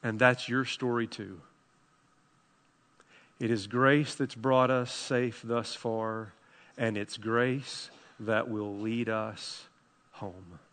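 A man preaching a sermon as pastor, impassioned and pleading, swinging between hushed and loud passages. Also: mid-range voice, steady tone, slow, long pauses. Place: church sanctuary. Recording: long hall reverb.

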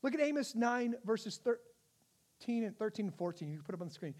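Guy pastor w/ a really high voice, chatty sermon, keeps asking "right?". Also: very animated, fairly quick, darkish tone. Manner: conversational, asks the audience questions.

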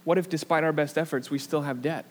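A man's voice: fairly high pitch, fairly even intonation, fast talker. A young man preaching a sermon, telling a story in a casual, self-deprecating way with lots of fillers. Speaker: pastor. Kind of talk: sermon with a personal anecdote.

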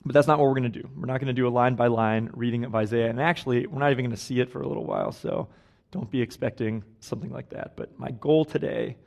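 A man's voice: mid-range voice, vocal fry, darkish tone. Chatty, self-mocking young male preacher. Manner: chatty and self-deprecating, laughing at his own stories. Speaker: guest preacher. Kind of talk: casual conversational sermon. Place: church sanctuary.

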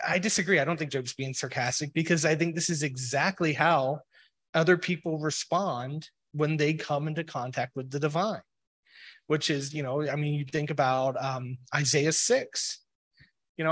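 A man's voice: a little high, fairly bright tone. A man giving a casual, rambling explanatory talk on religion, full of "you know" and "like" fillers. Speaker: speaker on a religious podcast.

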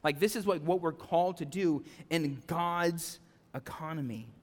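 A male pastor preaching a conversational sermon, animated, with frequent "okay?" and "right?" asides to the congregation. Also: on the high side, a little slow, long reverb tail. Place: church sanctuary.

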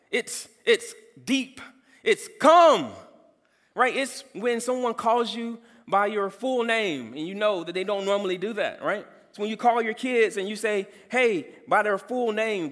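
A man preaching a sermon as pastor, emphatic, calling out some lines loudly. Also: high-pitched, long reverb tail.

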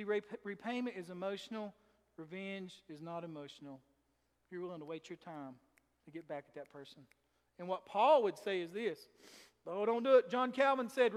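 A man's voice: high voice, in a large hall. A man preaching a folksy sermon, rising and dropping in volume for emphasis. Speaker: pastor.

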